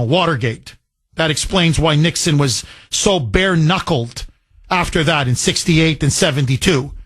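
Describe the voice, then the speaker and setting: High-voiced emphatic radio talk host. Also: male voice, fairly bright tone, no echo. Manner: emphatic, repetitive, rambling asides. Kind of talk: call-in political talk radio.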